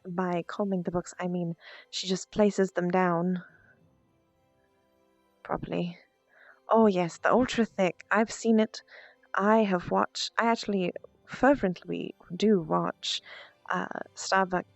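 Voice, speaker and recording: A woman doing a calm, seductive posh librarian. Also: on the low side, gravelly, dry recording, highs cut off. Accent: put-on posh English. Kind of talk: in-character VR role-play.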